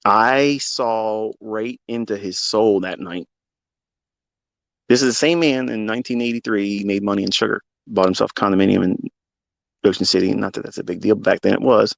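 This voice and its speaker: A man's voice: lowish voice, steady tone, normal speed, creaky, no room sound. A fifty-year-old man, a trading mentor, speaking off the cuff in a live audio talk, emotional and blunt and swearing freely. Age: 50s.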